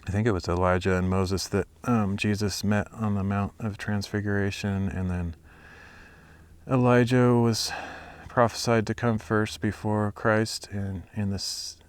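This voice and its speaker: A man's voice: on the low side, steady tone, unhurried, clear, resonant tone. A young man outdoors at sunset, musing aloud about scripture with many fillers and restarts, then reading a Bible chapter aloud. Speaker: Bible reader and hiker.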